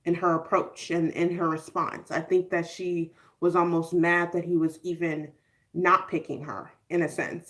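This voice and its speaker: A woman hosting a live stream, giving casual, animated reaction commentary in slangy speech and talking straight to her chat viewers. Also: fairly low pitch, moderate pace.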